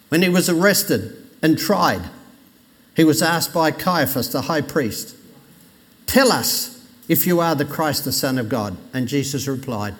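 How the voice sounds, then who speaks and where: A man preaching a Sunday sermon in a conversational way, lifting his voice for emphasis and dropping it low when he quotes scripture. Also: lively intonation, measured pace, pauses often. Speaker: pastor. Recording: long reverb of a church hall.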